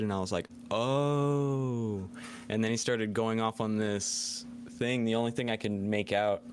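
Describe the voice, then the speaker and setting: A man's voice: lowish voice, a little hiss or hum. A man co-hosting a casual podcast chat over beers, rambling through stories and acting out quotes. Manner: rambling storyteller, acts out quotes. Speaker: podcast co-host.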